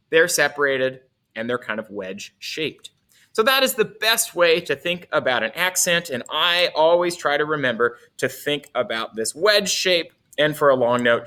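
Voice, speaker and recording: A man's voice: a little high, sharp tone. A man teaching a music lesson, explaining in an upbeat, playful way with little asides.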